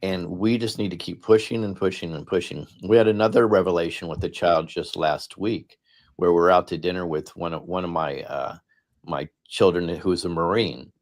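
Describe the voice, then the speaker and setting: A middle-aged man with a very low, deep voice talks with earnest conviction, hammering his points by repeating phrases. He speaks like a guest on a discussion panel. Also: steady tone, normal speed. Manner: earnest, repetitive, emphatic. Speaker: guest speaker, political candidate. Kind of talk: impassioned panel talk.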